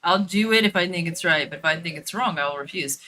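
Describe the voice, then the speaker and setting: A woman's voice: fairly low pitch, quick pace, sharp tone. A woman telling a story in a blunt, profane, casual way while streaming a game, with lots of fillers and repeats.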